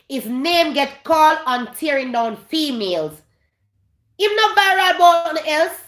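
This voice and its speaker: High and bright, this Jamaican woman's voice echoes around a roomy space as she rants through her gossip commentary vlog. She hammers each point by repeating phrases and drifts between English and Patois.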